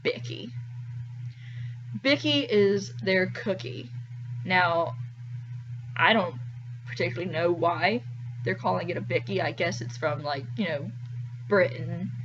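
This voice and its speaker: A woman's voice: fairly low pitch, a little slow, long pauses, a bit bright, lo-fi sound, a little hiss or hum. A young woman vlogging to camera in a chatty, wry, self-deprecating way, full of "like"s. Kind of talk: casual talking-to-camera vlog.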